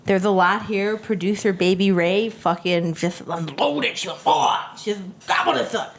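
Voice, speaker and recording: A woman's voice: medium pitch, crowd noise. Teasing, laughing young woman co-host. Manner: laughs often, teasing and quick. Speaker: podcast co-host. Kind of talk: casual chat.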